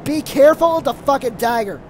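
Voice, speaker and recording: A man commentating his own gameplay, cursing often and yelling at enemies in frustration. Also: very high-pitched, lively intonation, fairly quick, slight background noise, rough recording. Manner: frustrated, swearing, yells at enemies. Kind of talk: let's play commentary.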